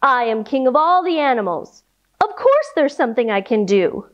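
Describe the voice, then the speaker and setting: A woman voicing a proud, boastful male lion king who is a father, booming and self-important. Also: big pitch swings, moderate pace, a bit bright, heavily acted. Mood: indignant boasting.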